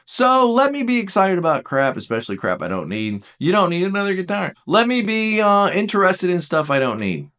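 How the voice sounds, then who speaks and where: A man speaks with a very lively, swooping delivery as he teaches about personality types. He is casual and self-deprecating, and he often slips into short acted-out quotes. His voice sits a little higher than most men's. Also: brisk, hardly any pauses. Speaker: Enneagram teacher.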